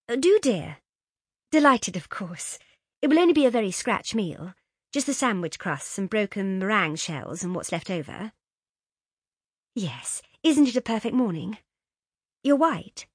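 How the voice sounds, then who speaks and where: A woman's voice: mid-range voice, very animated, measured pace, long pauses, a little mellow, slightly rough, no echo, clean studio sound, voice pushed up. A woman reading aloud and voicing an eager, effusive young upper-class girl. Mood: gushing.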